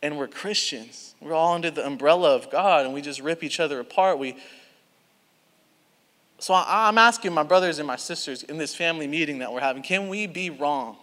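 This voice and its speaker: A young man preaching a sermon as a youth pastor, telling stories in an animated way with many restarts and asides. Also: on the high side, fairly quick, long reverb tail.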